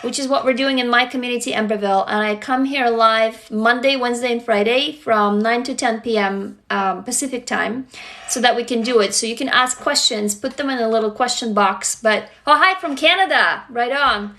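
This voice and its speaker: A woman's voice: fairly high pitch, normal speed, bright, forceful tone. A woman, hosting a casual livestream, talking frankly and affectionately to viewers and greeting commenters, with occasional swearing. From Russia. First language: Russian. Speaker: livestream host.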